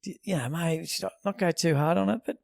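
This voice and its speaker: A man's voice: fairly high pitch, quick pace, vocal fry, a little mellow, dry recording, studio quality. A young Australian man co-hosting a podcast, talking in a laid-back, reflective way. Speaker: podcast co-host, comedian. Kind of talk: casual chat.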